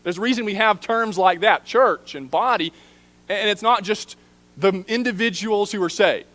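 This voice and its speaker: Earnest man preaching a sermon. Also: normal speed. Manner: earnest, drops to soft low emphasis on key phrases. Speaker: preaching minister. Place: church sanctuary.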